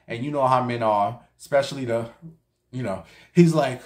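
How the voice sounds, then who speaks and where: A man's voice: medium pitch, moderate pace. Sassy, foul-mouthed male storyteller. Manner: profane, sassy, slangy. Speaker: storytime vlogger. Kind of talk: casual gossip storytelling. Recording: echoey room.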